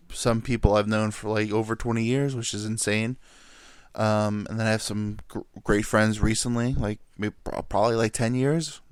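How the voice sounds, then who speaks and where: A man's voice: on the low side, smooth, no echo, clean studio sound. A man in his thirties from New York, telling rambling, crude stories in a casual solo monologue. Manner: rambling, animated, crude humor, jumps into silly voices. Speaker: vlogger.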